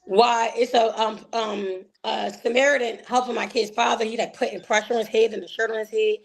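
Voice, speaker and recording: A woman, a guest telling an emotional personal story in an animated way, acting out the voices she quotes. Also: a little high, brisk, vocal fry.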